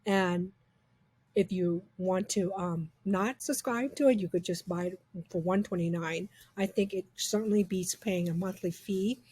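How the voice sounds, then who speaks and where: Woman, breathy voice, upbeat chatty software walkthrough. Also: lowish voice, a little slow, no room sound. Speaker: software reviewer. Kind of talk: casual screen-recorded software demo.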